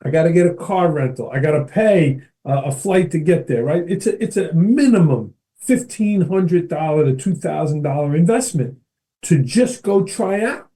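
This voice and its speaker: A middle-aged man talking as a podcast guest, spinning an energetic story and often tossing in a quick "right?" to his host. His voice sits a little high for a man, yet it sounds warm and mellow. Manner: energetic, keeps checking in with "right?" and addresses the host by name. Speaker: podcast guest, educator and speaker. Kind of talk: animated storytelling in conversation.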